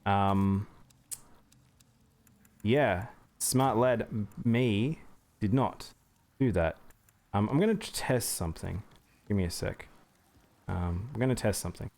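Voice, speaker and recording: A man's voice: fairly low pitch, takes it slowly, gravelly, long pauses, darkish tone. A man streaming live gameplay, chatting with viewers as he plays. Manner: chatty, reacts to chat and thanks viewers.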